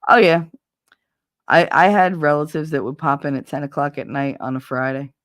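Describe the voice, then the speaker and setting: A woman's voice: deep voice, moderate pace, no echo. Blunt, profane woman telling stories. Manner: blunt, profane, laughing anecdotes. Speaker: livestream host. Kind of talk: casual storytelling chat.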